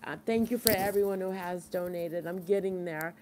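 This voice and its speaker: A woman's voice: fairly low pitch, moderate pace, a little hiss or hum. A middle-aged woman with a Boston accent hosting a support group livestream in casual, earnest chat, answering viewers' comments and urging them on. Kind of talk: casual live-stream chat.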